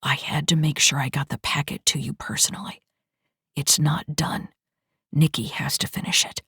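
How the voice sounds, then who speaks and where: A woman reading an audiobook, voicing an injured male soldier in a weak, breathy whisper as whispered role-play. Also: very deep voice, steady tone, a little fast, sharp tone, dry recording, clean studio sound, heavily acted.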